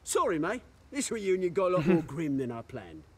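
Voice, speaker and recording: A man's voice: on the high side, very animated, normal speed, breathy edge. An actor playing a scheming male crime boss, menacing and theatrical, over game music. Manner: menacing, theatrical, swings between loud and hushed. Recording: game audio with music underneath.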